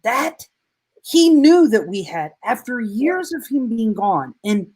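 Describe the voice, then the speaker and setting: A middle-aged woman, an educator hosting a podcast, telling heartfelt stories in an animated way. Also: fairly high pitch, slow pace, slightly rough. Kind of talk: podcast conversation.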